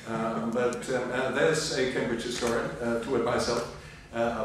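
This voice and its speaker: A man in his sixties giving a lecture as a historian, hesitant and self-deprecating with many fillers. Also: fairly low pitch. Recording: echoey hall from far off, faint noise.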